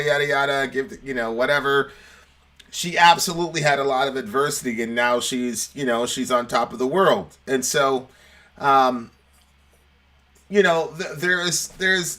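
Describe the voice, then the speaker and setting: A young man answers viewer questions in loose, casual talk, full of fillers and false starts. He tells stories with plenty of restarts and briefly acts out the people in them. His voice sits at an ordinary male pitch. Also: bright, forceful tone. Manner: rambling, many restarts and fillers; acts out quoted voices in the story. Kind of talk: casual chat, storytelling.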